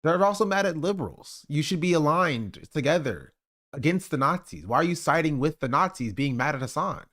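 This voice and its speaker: A man's voice: a little high, expressive, brisk, a bit bright. A man streaming and reacting to a clip in casual commentary, full of fillers and laughter. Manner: laughing, filler-heavy, mocking.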